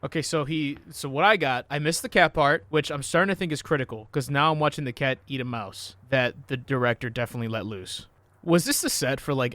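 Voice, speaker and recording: A man's voice: a little high, a bit bright. A man hosting a casual reaction video, sarcastic and profane, joking about an old movie as he watches it. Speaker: host reacting to an old film.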